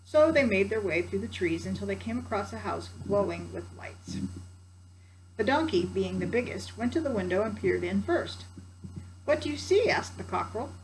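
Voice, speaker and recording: A woman's voice: medium pitch, lively intonation, normal speed, background noise. An older woman, a grandmother, reading a children's story aloud with chatty asides to her grandsons. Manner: warm chatty asides to the listener.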